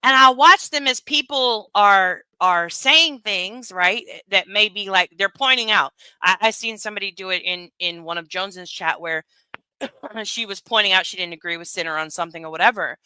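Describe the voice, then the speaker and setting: A woman's voice: medium pitch, moderate pace, bright, forceful tone, clean tone, no room sound, clean studio sound. A woman giving heated, profane livestream commentary, rambling with many asides and tags like "right?". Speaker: commentary streamer.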